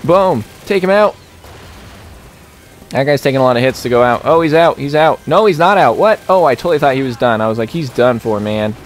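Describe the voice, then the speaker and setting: A man's voice: fairly high pitch, expressive, a little fast, slight background noise. A young man giving casual, joking commentary as he plays a video game, rambling and talking back to the characters on screen. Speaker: let's play host.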